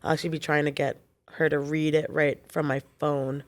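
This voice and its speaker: A woman co-hosting a chat show, reading a listener's post aloud with quick casual asides. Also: low-pitched, little pitch movement.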